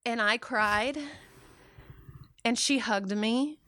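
A woman, a mother, recounting a painful personal story in a slow, halting way, acting out what others said to her. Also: fairly high pitch, pushed and bright, no room sound, studio quality. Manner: slow, halting retelling with quoted dialogue. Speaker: guest, mother.

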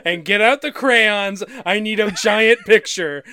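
A man co-hosting a podcast, dropping deadpan, sarcastic one-liners in casual chat about an anime. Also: sits high, unhurried, crowd noise. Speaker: podcast co-host.

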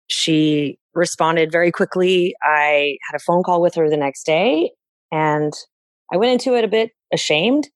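Guest woman, low-pitched, candid and self-deprecating, dry close recording. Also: no room sound. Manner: candid, reflective, laughs at herself. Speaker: interviewee, organizing client. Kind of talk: casual podcast interview.

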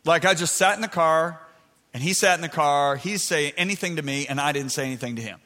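A man preaching a sermon in a church, animated and building to shouts. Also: fairly high pitch, a little fast, in a large hall.

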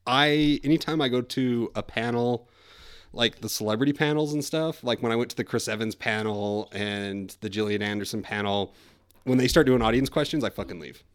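Dude chatting with friends, swears a lot, says "like" constantly, loose and chatty. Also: male voice, medium pitch, moderate pace, smooth. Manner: loose, swears freely, lots of "like" fillers. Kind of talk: casual chat.

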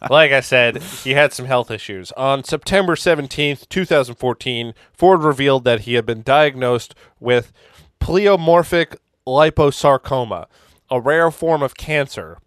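A man's voice: medium pitch, unhurried, a bit bright, smooth, dry recording, clean studio sound. Joking male podcast host. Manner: jokey, laughs often, mildly profane. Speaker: podcast host presenting a topic. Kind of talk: casual comedic podcast chat.

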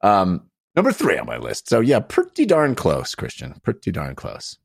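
A man's voice: fairly low pitch, huge pitch swings, creaky, slightly rough. A man co-hosting a casual podcast chat, joking and drawing out dramatic announcements. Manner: playful, drawn-out dramatic announcements. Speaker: podcast co-host.

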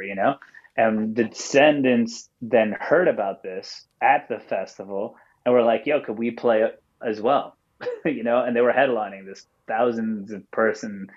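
A man calling in as a podcast guest and telling a story casually, rambling with lots of fillers and swearing. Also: lowish voice. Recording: dull call-in audio.

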